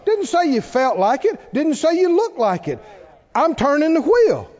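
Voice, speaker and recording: A man preaching a sermon in a church, animated and playful, acting out worried voices and laughing along. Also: very high-pitched, unhurried. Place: church sanctuary. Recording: dull sound, long hall reverb.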